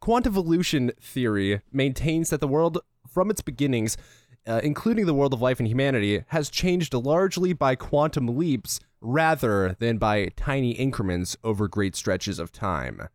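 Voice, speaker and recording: A man's voice: mid-range voice, expressive, no room sound, clean studio sound. A man co-hosting a casual chat, presenting odd theories with many restarts and stifled laughs. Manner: halting, many restarts, laughs mid-sentence. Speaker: podcast co-host presenting theories.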